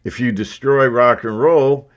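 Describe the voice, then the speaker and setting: Speaking a little slowly at a medium pitch, a male vlogger chats loosely with his audience. The talk drifts and meanders, with plenty of side comments along the way.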